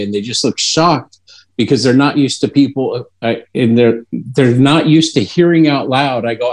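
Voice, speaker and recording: A middle-aged man in casual chat, speaking in a measured, reflective way. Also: medium pitch, a little mellow.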